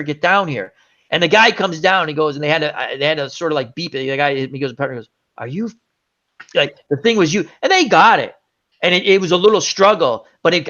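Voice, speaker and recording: A man hosting a casual chat show, telling a long rambling story with lots of asides. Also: a little high. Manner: rambling, animated anecdote with many asides. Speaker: host. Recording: dull lo-fi audio.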